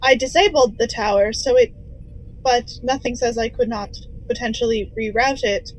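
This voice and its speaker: A woman playing an earnest golden android officer in a tabletop game, halting and thinking aloud. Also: fairly high pitch, a little hiss or hum, natural voice, low-quality recording. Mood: musing. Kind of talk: tabletop role-play in character.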